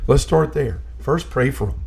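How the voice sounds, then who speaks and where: A man's voice: mid-range voice, moderate pace, gravelly, a little mellow, breathy edge. A man talking earnestly in a casual conversation about faith, telling stories and often restarting his sentences. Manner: earnest storyteller, restarts and repeats himself.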